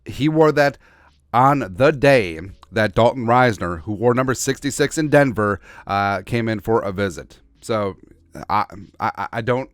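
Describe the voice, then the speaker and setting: A man's voice: medium pitch, animated, measured pace, smooth, no room sound, clean studio sound. A man hosting a sports podcast, giving blunt, sarcastic, opinionated commentary in a ranting manner. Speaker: podcast host.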